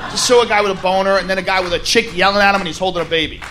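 Brief: young male stand-up comic, high voice, crude and animated, shouty bursts, noisy venue. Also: fast talker, few pauses. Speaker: stand-up comedian. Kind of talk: stand-up routine. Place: comedy stage before a live audience.

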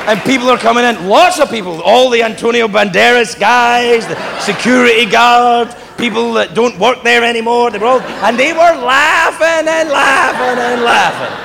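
A man doing an animated stand-up storytelling set, slipping in and out of voices. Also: very high-pitched, normal speed, vocal fry, hardly any pauses, noisy background. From Britain. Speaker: stand-up comedian. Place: large live venue with audience. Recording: live hall recording with crowd. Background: crowd laughter.

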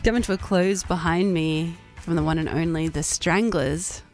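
Husky woman radio host with a cold. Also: fairly low pitch, steady tone, moderate pace, faint music behind. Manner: warm, chatty back-announcing. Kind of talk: breakfast radio presenting. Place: radio studio. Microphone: studio microphone.

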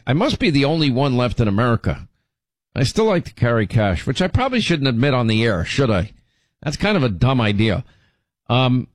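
Lively, teasing man telling stories on air. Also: medium pitch, no room sound. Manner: rambling, teasing, animated banter. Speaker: radio show host. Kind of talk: casual on-air storytelling.

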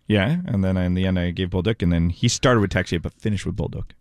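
A man's voice: deep voice, quick pace, a little mellow, no room sound, clean studio sound. A man co-hosting a radio sports talk show in a laid-back, teasing way.

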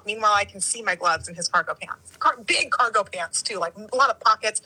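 A woman telling a story in casual chat, animated and acting out the quoted lines in lively voices. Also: medium pitch, moderate pace, few pauses, slightly rough, poor audio.

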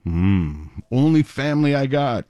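A man's voice: mid-range voice, very animated, measured pace. A man hosting a radio morning show, chatting with callers in a jokey, casual way from a studio.

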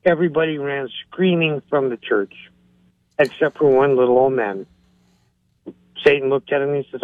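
A man's voice: mid-range voice, a little fast, dry recording. Male caller telling a joke by phone. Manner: steady storytelling. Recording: dry tinny phone line.

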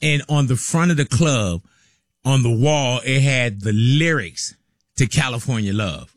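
A man hosting a radio show, telling stories in a lively way with frequent laughs. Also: medium pitch, unhurried, no room sound, studio quality. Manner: lively storyteller, laughs often. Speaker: radio host. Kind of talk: casual radio chat, storytelling. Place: radio studio.

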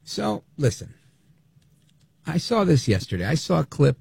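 Animated gravelly male talk radio host. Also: fairly high pitch, a little slow, no room sound. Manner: animated, sarcastic, mimics others in quotes. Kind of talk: opinionated talk radio monologue.

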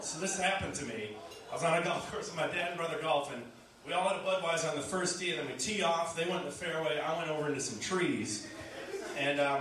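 A man doing a stand-up routine, telling a self-deprecating story and working the crowd in a comedy club. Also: a little high. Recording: echoey club from far off, loud crowd noise.

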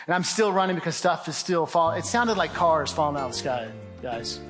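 Man, middle-aged, earnest testimony, conversational, fairly high-pitched. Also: animated, brisk, over music. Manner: earnest storytelling, addresses listeners as guys. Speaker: guest speaker. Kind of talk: testimony to an audience.

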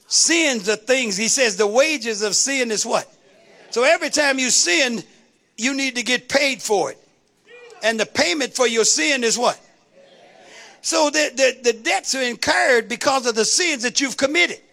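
A woman's voice: high-pitched, creaky, sharp tone. A woman preacher delivering a sermon in a rhythmic call-and-response style, building to rising exclamations.

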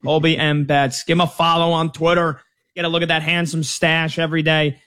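A man's voice: on the high side, monotone, brisk, bright, forceful tone, no room sound, clean studio sound. A man hosting a sports betting radio show, breezily plugging his guest and setting up questions. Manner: breezy plugs and chummy banter.

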